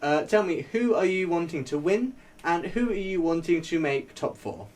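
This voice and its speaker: A man's voice: fairly high pitch, sing-song, normal speed. Chatty man reviewing, slightly distant mic. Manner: chatty, rambling, laughs often, many fillers. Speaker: vlogger reviewing a TV show. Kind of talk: casual spoken review.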